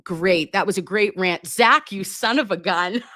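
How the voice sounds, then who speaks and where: Through a computer mic with clean studio sound and no echo, a nurse in her forties hosts a live chat, talking a little slowly in a medium-pitched voice with a sharp tone. She reads comments aloud chattily and gigglingly, sometimes flustered, calling her viewers babe.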